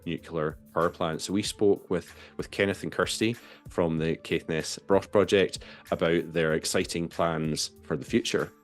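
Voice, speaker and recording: Low-voiced male podcast host. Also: steady tone, moderate pace, soft background music. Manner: enthusiastic, repeats words when starting sentences. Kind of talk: casual podcast chat.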